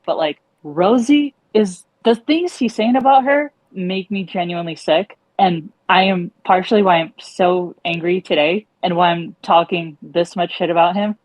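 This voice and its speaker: A woman's voice: on the low side, darkish tone, no echo, rough recording. A woman guest on an online call, venting her anger with lots of swearing. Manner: angry, profane venting. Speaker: interview guest.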